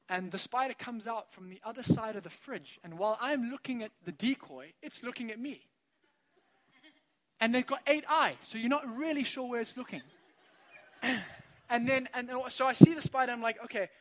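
A middle-aged man preaching a sermon, telling a funny family story in an animated, self-mocking way before drawing the lesson. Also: high-pitched, a little fast. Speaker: pastor.

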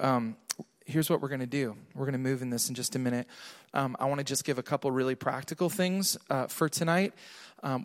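A man with a fairly high voice preaches in a church hall with long reverb. He swings between soft, close urging and loud, emphatic declarations. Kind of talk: sermon.

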